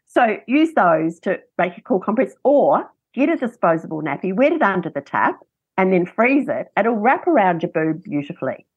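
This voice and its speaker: A woman's voice: medium pitch, big pitch swings, moderate pace, slightly rough, dry recording, dull audio. A woman, a breastfeeding expert giving chatty, practical advice and telling anecdotes in an interview. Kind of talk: casual interview chat.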